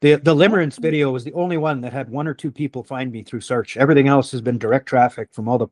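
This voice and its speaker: Casual middle-pitched man chatting. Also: steady tone, fast talker, a little mellow. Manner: rambling, restarts mid-sentence. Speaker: channel host. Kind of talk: casual chat.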